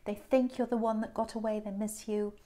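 A woman's voice: mid-range voice, level tone, fairly quick, warm tone. A woman giving a tarot reading who muses aloud, repeats phrases and often restarts. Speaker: tarot reader.

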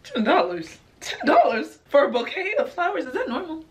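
Female reaction host, fairly high and animated, rambling and incredulous. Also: normal speed, over music. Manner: exasperated, rambling, incredulous questions. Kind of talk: casual commentary.

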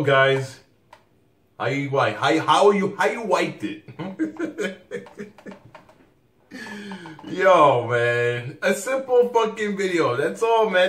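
A man's voice: mid-range voice, fairly bright tone, reverberant, recorded from a distance. A man hosting a reaction video, talking loosely and profanely and laughing a lot. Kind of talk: casual reaction commentary.

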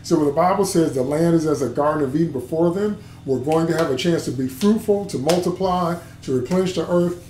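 A man's voice: on the high side, a little fast, mellow. Emphatic male preacher in an echoey room. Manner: emphatic, repeats key words, asks "okay?" often. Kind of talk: livestreamed sermon teaching. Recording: echoey room, faint background hum.

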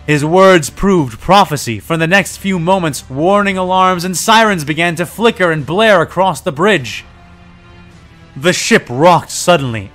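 A man's voice: fairly high pitch, fairly bright tone. Man narrating a fan story. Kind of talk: audiobook-style story reading.

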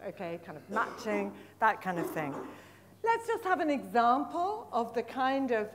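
A middle-aged woman leading a live teacher-training workshop in a conference room, lively and encouraging, praising the audience and drawing out words slowly as she repeats them. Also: a little high. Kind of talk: live workshop demonstration of storytelling with flashcards.

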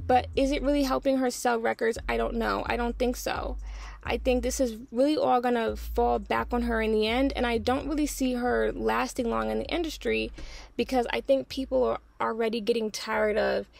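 A woman's voice: fairly high pitch, gravelly. A woman giving blunt, profane, exasperated pop culture commentary on her own. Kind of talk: opinionated solo commentary.

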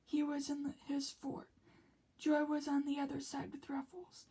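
A woman reading a children's picture book aloud, slipping often into a soft whisper between the characters' lines. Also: high-pitched, monotone, normal speed, low-quality recording.

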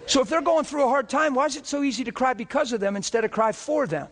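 Impassioned high-voiced male preacher. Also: fast talker, fairly bright tone, in a large hall. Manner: impassioned, rhetorical questions, rising to emphatic peaks. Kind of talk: sermon. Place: church service before a congregation.

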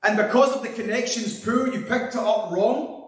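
Recorded with a distant mic in an echoey church hall, a pastor from Scotland gives an earnest, repetitive sermon and leads a prayer, lowering to a hushed voice for it. He speaks in a very high-pitched voice at a moderate pace.

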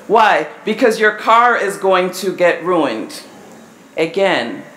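A woman giving a live seminar talk to an audience, measured and asking the crowd questions. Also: on the low side. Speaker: family seminar presenter. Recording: echoey hall with faint room noise.

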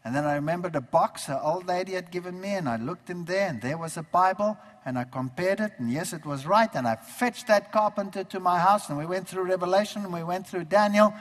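Man preacher, high voice, lively storyteller who acts out the dialogue; long hall reverb. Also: brisk, hardly any pauses. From Germany. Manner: animated storytelling, acting out remembered dialogue. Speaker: preacher giving his testimony. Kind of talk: storytelling sermon testimony.

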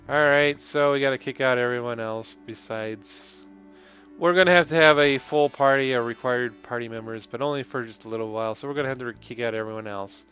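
A man's voice: mid-range voice, brisk, fairly bright tone, faint music behind. A man narrating a game playthrough in casual commentary, with joking, sarcastic asides and frequent laughter. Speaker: let's play commentator.

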